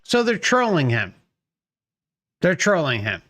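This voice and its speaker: A man commenting on a played clip, pressing his points by repeating them and cheering the speaker on. His voice is bright and a little high, and he speaks slowly. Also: huge pitch swings. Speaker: channel host commenting on a clip. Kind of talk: video commentary.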